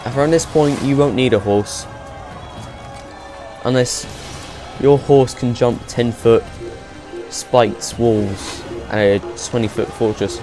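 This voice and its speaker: A man's voice: medium pitch, fairly even intonation, takes it slowly, pauses often. Male let's-play host, rambling and self-amused, game music underneath. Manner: chatty, rambling, laughs at himself. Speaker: gaming video host. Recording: game music playing behind.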